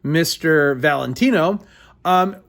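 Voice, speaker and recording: Slow, halting male history teacher. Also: fairly high pitch, animated, gravelly, a bit bright. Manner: slow, halting delivery with many fillers and repeated phrases. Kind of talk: recorded history lesson.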